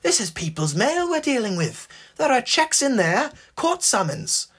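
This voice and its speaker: A man's voice: extremely high pitch, sing-song, measured pace, fairly bright tone, slightly rough, voice pushed up, heavily acted. The narrator voicing Marcel, a nervous and eager young male fireman who stammers and frets. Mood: anxious. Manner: stammering, earnest, fretful.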